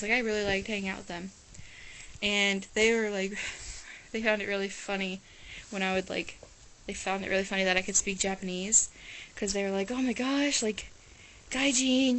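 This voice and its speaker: Teen girl, rambling casual vlog chat, lots of "like", mid-pitched voice. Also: fairly bright tone, poor audio. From Ohio, USA. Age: teens. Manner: rambling, chatty, full of "like" and restarts. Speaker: exchange student vlogger.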